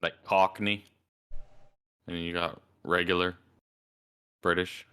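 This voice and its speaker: Bright, clear-voiced Southern man. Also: deep voice, little pitch movement, slow pace. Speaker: podcast co-host. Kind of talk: casual chat.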